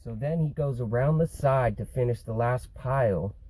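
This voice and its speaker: Mellow-voiced man rambling through a story. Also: medium pitch, moderate pace, slight background noise, low-quality recording. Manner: rambling, peppered with "you know" and swearing. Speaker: vlogger. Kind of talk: casual storytelling.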